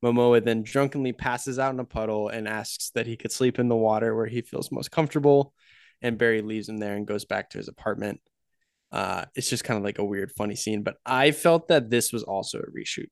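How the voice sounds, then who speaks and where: A man's voice: lowish voice, dry recording, studio quality. A man co-hosting a podcast, casually summarizing a movie's ending and reading out a review. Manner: measured, summarizing plot and reading quotes. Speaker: podcast co-host.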